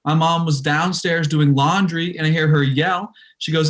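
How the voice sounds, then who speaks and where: A man's voice: fairly high pitch, steady tone, moderate pace, few pauses, a bit bright. A man telling a story in a stand-up set over a video call. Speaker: stand-up comic.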